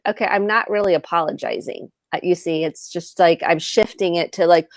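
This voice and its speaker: A woman's voice: fairly low pitch, fairly quick, few pauses, dry recording, studio quality. A middle-aged woman therapist giving earnest advice, often listing words and acting out short example dialogues. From United States. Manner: earnest, speaks in lists, acts out example dialogue. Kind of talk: explaining tips on a live show.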